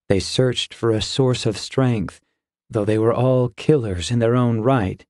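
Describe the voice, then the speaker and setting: A man narrating a fantasy audiobook in a measured, steady reading. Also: medium pitch, no echo, studio quality.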